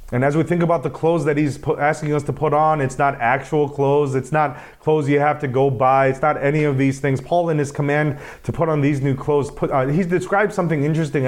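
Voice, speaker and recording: Man, pastor, casual sermon, slightly high voice, self-deprecating, stumbles and restarts.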